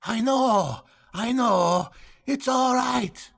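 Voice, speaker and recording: Grandfather voicing an excitable young wanderer, high-pitched. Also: breathy edge, heavily acted. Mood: cheerful shouting. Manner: gushing, rapid mood swings. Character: cheerful excitable young man in patched clothes.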